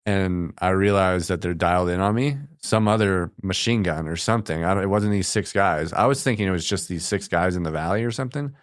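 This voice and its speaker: Deep, clear-voiced American man, plainspoken guest recounting combat, dry studio sound. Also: a little fast, few pauses, dry recording. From United States. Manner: plainspoken, matter-of-fact, with brief laughs. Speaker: podcast guest, combat veteran. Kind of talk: casual storytelling in conversation. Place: podcast studio.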